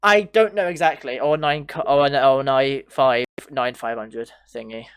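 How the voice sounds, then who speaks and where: A man streams a train simulator, chatting casually with his audience, answering chat messages and laughing frequently. His medium-pitched voice is fairly bright and clean, at normal speed, with no room sound.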